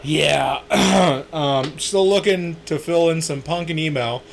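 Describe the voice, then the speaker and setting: A man's voice: fairly high pitch, slow, vocal fry, slight background noise. A man hosting a podcast in casual chat, joking crudely and swearing a lot. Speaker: podcast host.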